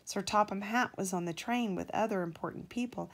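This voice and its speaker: A mother reads a children's storybook aloud to her child at a gentle, measured pace. Her voice sits at an ordinary middle pitch for a woman.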